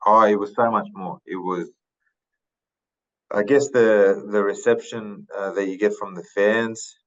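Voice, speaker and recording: A man in his thirties from Papua New Guinea talks through his memories slowly, with many ums and restarts. His voice sits low, and the podcast audio sounds dull and lo-fi. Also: fairly even intonation. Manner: thoughtful, unhurried, many fillers and restarts. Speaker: podcast guest, retired rugby league player. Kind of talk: casual interview storytelling.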